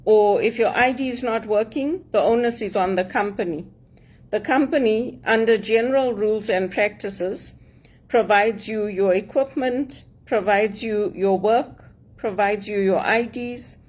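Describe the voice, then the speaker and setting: A woman's voice: medium pitch, a little slow, a little mellow. A woman with a mix of English and African accent, giving an earnest, emphatic personal monologue to camera and repeating her points. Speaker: vlogger.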